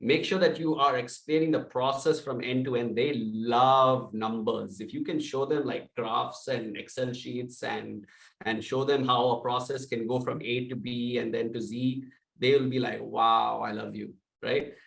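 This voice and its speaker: A man coaching salespeople, speaking loudly and with energy and acting out sample calls. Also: medium pitch, fairly even intonation, measured pace, vocal fry, echoey room, distant mic, low-quality recording. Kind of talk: sales training talk.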